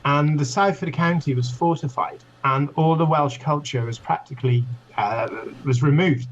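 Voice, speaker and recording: Guest author, man, friendly and eager, higher voice, lo-fi line with hiss. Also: moderate pace. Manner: warm, friendly, enthusiastic. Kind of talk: radio interview.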